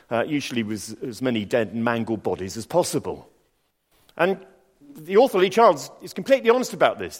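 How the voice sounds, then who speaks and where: A man preaching a sermon. He reads scripture slowly, then tells personal stories with dry asides. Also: medium pitch, in a large hall.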